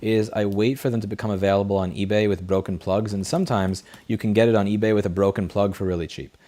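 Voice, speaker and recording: Blunt, profane man with a low voice. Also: fairly even intonation, fast talker, dark tone. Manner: blunt, profane, rambling storyteller. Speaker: livestream host. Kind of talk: casual chat, reading viewer messages. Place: home studio desk. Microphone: studio headset mic.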